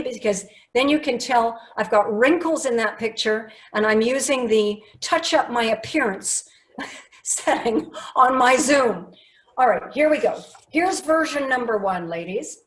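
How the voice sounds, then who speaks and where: Slow-paced woman coaching over a video call. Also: fairly high pitch. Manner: lively, coaxing and emphatic, reads chat replies aloud. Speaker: public speaking coach. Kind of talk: online workshop teaching.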